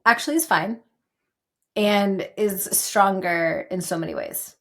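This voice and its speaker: A woman co-hosting a podcast in casual chat, talking in quick, animated bursts as she reflects. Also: medium pitch. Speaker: podcast co-host.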